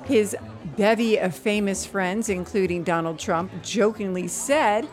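A woman's voice: mid-range voice, faint music behind. A tired woman guest on a podcast, chatting in a playful, joking way. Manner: chatty and playful, quick to joke. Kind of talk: casual chat.

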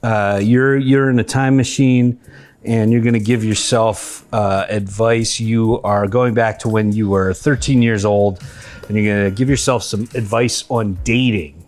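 A man hosting a comedy podcast, briskly running and judging acting games in casual chat. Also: lowish voice, steady tone, darkish tone. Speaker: podcast host and game judge.

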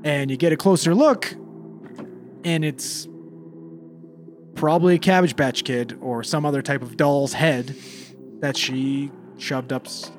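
A man's voice: a little high, a little slow, pauses often, soft background music. A young man, a paramedic, casually telling a call story, swearing freely and acting out the dialogue.

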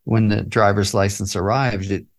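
A man's voice: on the low side, fairly even intonation, normal speed. An older man, a guest in an interview, recalling his past in a reflective, chuckling way with many fillers and restarts. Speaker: interview guest, musician and author. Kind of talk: casual interview storytelling.

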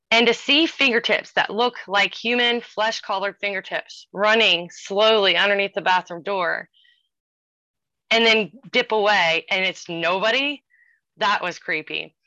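A woman in her forties casually telling a ghost story, animated and acting out the voices of the people in it. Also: mid-range voice, measured pace, no echo. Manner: animated, acts out quoted voices. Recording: dull lo-fi sound.

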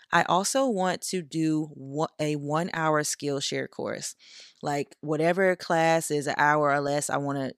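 A woman's voice: sits low, smooth, no room sound, studio quality. A young woman hosting a podcast, chatting playfully and often saying "y'all". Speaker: podcast host. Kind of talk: casual solo chat.

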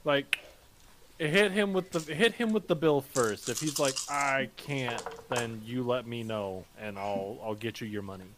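A man plays a tabletop game, speaking in character. He halts often, restarting his phrases between fillers. His pitch sits in the middle. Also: background noise. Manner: halting, lots of restarts and fillers.

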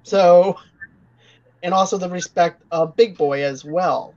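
A podcast co-host recapping a film's plot in casual chat, often pausing and restarting. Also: medium pitch, a little mellow. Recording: dull lo-fi podcast audio.

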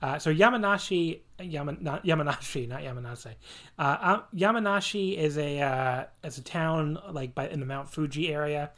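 A man co-hosting a casual wrestling podcast, rambling and animated, laughing often and swearing casually. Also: on the high side, normal speed, few pauses. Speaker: podcast co-host. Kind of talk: casual wrestling review chat.

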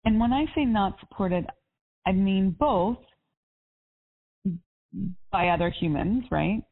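A woman's voice: medium pitch, takes it slowly. A woman life coach on a coaching call, chatty and upbeat, with lots of casual fillers. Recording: tinny phone line.

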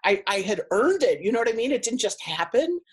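Woman guest on a podcast, husky voice, animated storyteller who acts out the quotes. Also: fairly high pitch, a little fast. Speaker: guest, nonprofit co-founder.

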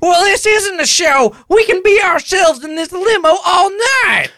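A man voicing a whiny drunk man-child drummer in a high squeaky put-on voice with a petulant manner. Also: animated, a little slow, bright, forceful tone, no echo, clean studio sound, exaggerated voice.

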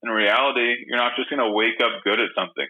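A man's voice: medium pitch, fast talker, slightly rough, phone-quality sound. A man from Long Island, a jewelry maker and podcast guest, talking casually and rambling with lots of swearing. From Long Island, New York. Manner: laid-back, swears constantly, rambling.

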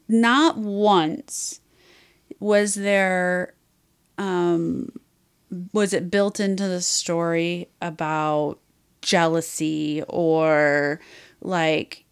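A woman's voice: lowish voice, clean tone. A woman podcast host in casual chat, retelling a story in a frank, rambling way with many fillers.

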